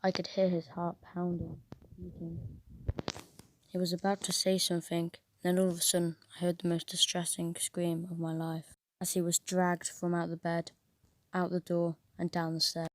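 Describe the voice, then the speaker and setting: A woman tells a first-person horror story in a steady, even reading manner. Her voice sits low and hardly rises or falls, and the recording is dry with no room sound. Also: moderate pace, no echo.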